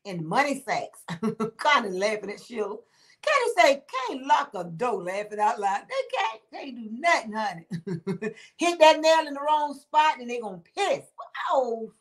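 A woman's voice: a little high, big pitch swings, measured pace. A woman hosting a casual livestream chat, laughing often and calling her viewers honey and baby. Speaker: livestream host reading viewer comments.

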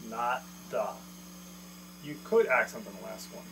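A man of middle pitch teaches drumming in a loose, joking manner, poking fun at himself as he counts strokes aloud. The recording carries clear noise and a steady mains hum from a drum room. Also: measured pace. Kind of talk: casual video lesson.

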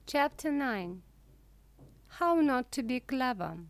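Female reader for a learner audiobook: slightly high voice, very measured pace, clear articulation. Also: no echo. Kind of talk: slow scripted reading for language learners.

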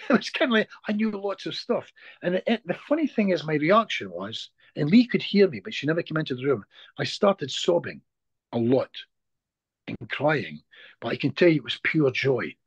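Animated Scottish man telling a story. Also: fairly high pitch, moderate pace, husky, no echo, dull audio. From Scotland. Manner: animated, repeats words when moved. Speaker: hypnotist guest. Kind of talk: emotional storytelling in conversation.

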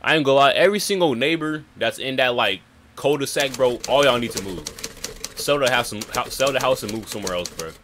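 A young man playing a horror game and commenting in a slangy, excitable way, yelling whenever he gets scared, with game music under his voice. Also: mid-range voice, fairly quick, a little hiss or hum. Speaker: gaming YouTuber.

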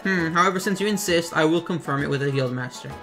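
A man's voice: on the high side, fast talker, pushed and bright, faint music behind. A man voicing a pompous, fussy bird who is the guild's stern assistant, talking in a haughty, emphatic way.

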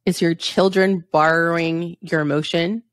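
A woman's voice: lowish voice, steady tone, unhurried, no room sound. A woman hosting a podcast interview, blunt and enthusiastic, swearing and laughing often. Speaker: podcast host.

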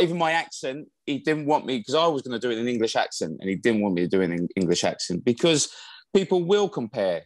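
A man's voice: medium pitch, dry recording. Chatty man with a dry, close sound. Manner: chatty, rambling with many fillers and restarts. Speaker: musical theatre actor, interview guest. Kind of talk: casual interview chat.

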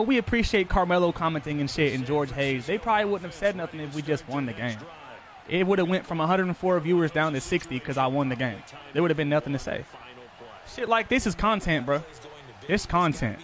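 A man streaming a football video game, chatting casually with his viewers in loose, profane slang, his voice jumping up when he gets defensive. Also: a little high. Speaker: gaming streamer.

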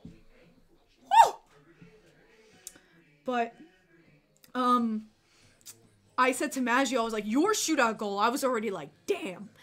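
A woman hosting a casual livestream, excitable and chatty, laughing often and swearing casually. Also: on the high side, normal speed, pauses often. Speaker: livestream host.

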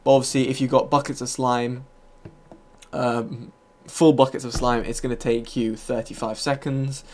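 A man talks through his gameplay in a loose, rambling way, tossing in fillers and the odd curse. His voice sits at an ordinary middle pitch, with a faint hiss of noise behind him. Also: little pitch movement, moderate pace, a little mellow. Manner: rambling and loose, with many fillers and casual swearing. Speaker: gaming video host. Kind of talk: casual gameplay commentary.

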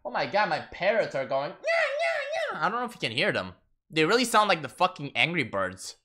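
A man's voice: fairly high pitch, very animated, fast talker, sharp tone. A man streaming a game in casual, profane commentary, laughing and getting sidetracked. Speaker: gaming streamer.

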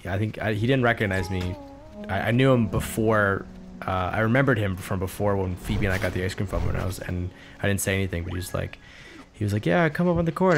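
A man's voice: low-pitched, gravelly, noisy background. A young man hosting a let's play, telling rambling stories with heavy swearing as he plays. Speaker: gaming channel host. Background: game music.

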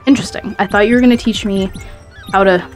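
A woman's voice: mid-range voice, fairly even intonation, fast. A woman chatting casually through a let's-play, giggling and talking to the game's characters. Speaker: gaming video host. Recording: faint game music behind.

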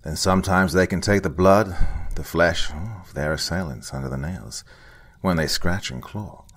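A man playing an older, blunt forensic investigator who lectures in short, curt sentences with a husky voice. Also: sits low, normal speed, fairly bright tone. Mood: curt, lecturing. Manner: blunt, curt, lecturing, some lines whispered. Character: gruff veteran male forensic investigator, blunt.

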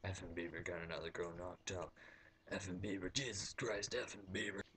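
A man putting on a grumbling old redneck man, muttering low and annoyed. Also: flat delivery, fairly quick, a bit bright.

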